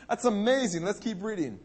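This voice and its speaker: A man preaching a sermon to a congregation, animated and dramatic, acting out the words of God and the Israelites. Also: high voice. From Canada. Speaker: pastor.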